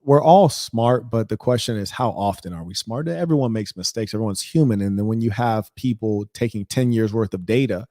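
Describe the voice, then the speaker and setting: A man's voice: fairly low pitch, a little fast, hardly any pauses, dark tone, no echo, clean studio sound. A man hosting a reaction video, speaking in an indignant, rambling and emphatic way. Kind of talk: reaction commentary.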